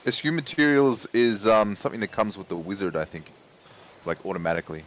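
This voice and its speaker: A man's voice: on the low side, animated, fairly quick, poor audio. A man playing a tabletop game, casually unsure as he checks the rulebook. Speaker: player.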